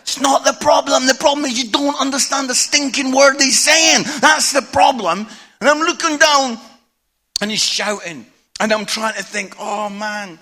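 A Scottish man preaching a sermon to a congregation, telling stories casually with tag questions and swinging between hushed and loud delivery. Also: very high voice, steady tone, moderate pace. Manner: conversational storytelling, tag questions like "yeah?". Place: church hall with audience.

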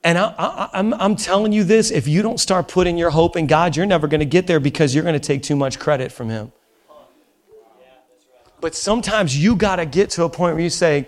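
A man preaching a sermon in a church, impassioned, dropping to a hush and rising to near shouts. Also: a little high, fairly quick. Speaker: pastor. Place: church auditorium.

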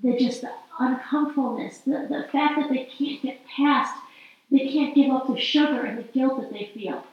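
A woman's voice: high-pitched, moderate pace. A woman giving an earnest, heartfelt faith-based teaching talk, speaking prayers aloud as she goes. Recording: roomy, distant and slightly dull.

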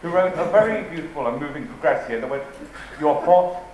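A man's voice: on the high side, lively intonation, fast, highs cut off, slight background noise. An English man giving a humorous talk on rhetoric to a live audience, with a dry, playful, witty delivery and quotes recited with emphasis. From England. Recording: very echoey hall, faint ambience.

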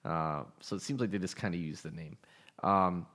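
A man with a fairly low voice, chatting as a podcast co-host. He rambles, fills gaps with ums and likes, and swears casually. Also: normal speed, a bit bright. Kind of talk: casual chat.

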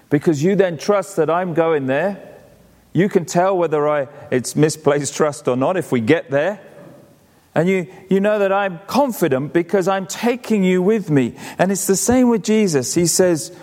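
A high-voiced male pastor gives a conversational sermon, full of stories and repeated words. His voice rings in a church with a long reverb. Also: darkish tone.

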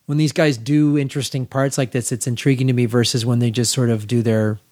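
An American man co-hosting a podcast in casual movie chat, talking in an animated, rambling way that repeats words and restarts sentences. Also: mid-range voice, brisk. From United States. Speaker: podcast co-host. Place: garage.

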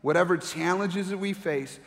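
A middle-aged man preaching from the pulpit with a fairly high voice. He tells a family story with animated delivery, acting out the voices. His words ring out with the long reverb of a large hall. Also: moderate pace. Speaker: pastor. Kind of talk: sermon with personal story.

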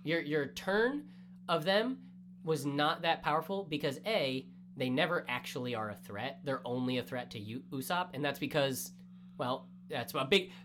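A man co-hosting a casual anime review chat, talking in animated bursts with quick asides. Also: on the high side, slight background noise. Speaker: podcast co-host.

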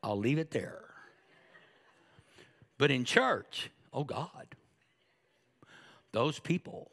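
A man's voice: medium pitch, very animated, very slow, gravelly, fairly bright tone. A man in his fifties preaching a sermon, joking and acting out little asides in a conversational way. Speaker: pastor.

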